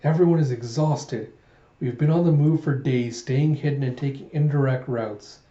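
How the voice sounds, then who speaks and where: A man puts on an earnest young dragon warrior, fervent and devoted, with a dark, mellow tone. The recording sounds roomy and a little dull. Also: mid-range voice, normal speed, natural voice. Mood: frustrated, yearning. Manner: fervent, frets aloud.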